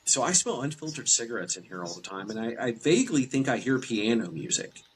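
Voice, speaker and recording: A man from Eastern Kentucky with an Appalachian accent, a podcast guest telling ghost stories in a relaxed, rambling way. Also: medium pitch, brisk, slight background noise, poor audio. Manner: relaxed, rambling anecdotes with restarts. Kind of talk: casual storytelling chat.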